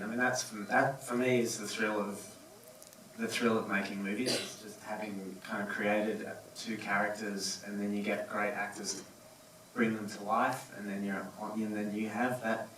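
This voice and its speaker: A film director answering audience questions, halting, with many fillers and restarts. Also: male voice, on the low side, pushed and bright, recorded from a distance, a little hiss or hum. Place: cinema auditorium. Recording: echoey cinema, voice from afar.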